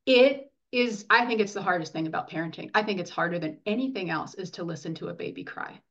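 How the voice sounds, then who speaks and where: A woman speaking as a nurse and lactation consultant in an interview, earnest and animated, acting out what parents say. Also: fairly low pitch, fast, muffled recording. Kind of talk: conversational interview.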